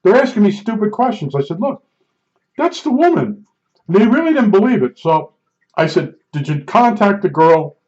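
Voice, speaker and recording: Excitable rambling storyteller man. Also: high-pitched. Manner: excitable, restarts and acts out dialogue. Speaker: storyteller recounting an incident. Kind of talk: rambling personal anecdote. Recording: dull lo-fi recording.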